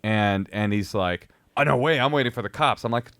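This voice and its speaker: A man's voice: lowish voice, normal speed, clean tone, dry recording. A comedian in his thirties telling a story in casual chat, acting out the other people's lines in put-on voices. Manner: animated, acts out quotes in other voices.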